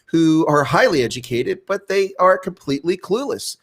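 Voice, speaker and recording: A man's voice: a little high, expressive, normal speed, a bit bright. Older man with a rambling storytelling manner. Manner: rambling storyteller, frequent restarts. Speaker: interview guest. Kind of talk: conversational interview.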